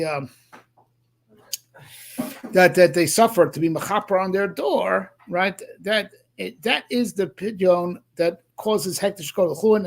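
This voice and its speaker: Male rabbi lecturing on a text; raised pitch, gravelly fry, animated and full of restarts. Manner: animated, thinking aloud with many restarts and "you know". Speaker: rabbi teaching Torah. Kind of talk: Torah class, explaining a text.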